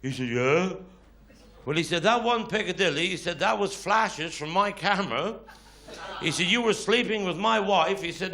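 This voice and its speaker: A man's voice: high-pitched, lively intonation, normal speed, pushed and bright. A Cornish man performing live stand-up comedy, telling dialect stories with grumbling quoted voices. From Cornwall. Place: live stage before an audience. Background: audience laughter.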